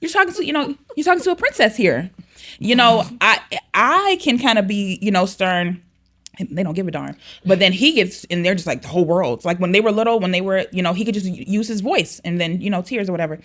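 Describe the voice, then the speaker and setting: A woman's voice: mid-range voice, fairly quick, fairly bright tone. A woman, a mother and podcast guest, chatting casually and rambling with lots of fillers and quoted asides. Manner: rambling, many fillers and restarts. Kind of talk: casual chat.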